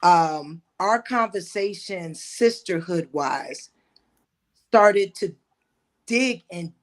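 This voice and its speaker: A woman on a discussion panel who speaks in a measured, thoughtful way. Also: fairly low pitch, expressive.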